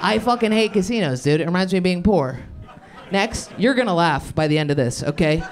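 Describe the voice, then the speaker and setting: A young woman doing improvised stand-up on a club stage, brash and profane, riffing fast and slipping into mocking voices. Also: deep voice, lively intonation, noisy background. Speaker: stand-up comedian. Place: comedy club stage with audience.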